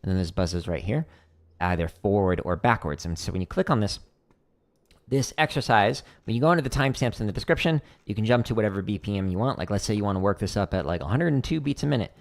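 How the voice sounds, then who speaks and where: A man's voice: fairly low pitch, animated, fast talker, gravelly. A man hosting a casual livestream drum lesson, explaining technique as he demonstrates, with frequent "like" fillers.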